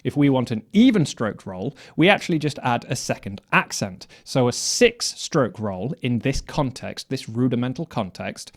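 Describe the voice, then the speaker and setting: A man's voice: mid-range voice, very animated, moderate pace, few pauses. A man teaching snare drum technique, explaining step by step and counting strokes aloud. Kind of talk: instructional explanation.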